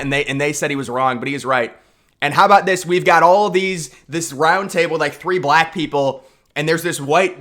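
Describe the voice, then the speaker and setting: A man's voice: fairly high pitch, sharp tone. A man giving a casual, rambling political commentary rant, sarcastic and full of repeats and restarts.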